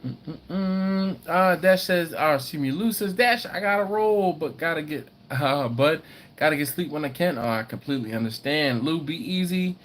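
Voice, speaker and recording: A man's voice: fairly high pitch, moderate pace. Chatty middle-aged man. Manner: storytelling, reads chat aloud, animated when excited. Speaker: BBQ channel host. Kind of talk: casual livestream chat.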